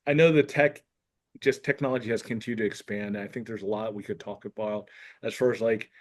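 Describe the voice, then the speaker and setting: A man's voice: on the low side, fairly even intonation, fairly quick. A man who works as a school counselor and author, talking through his ideas earnestly and thoughtfully as a podcast guest. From Pennsylvania. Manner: earnest, thoughtful, many "like" fillers. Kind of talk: casual conversation, reading from his book.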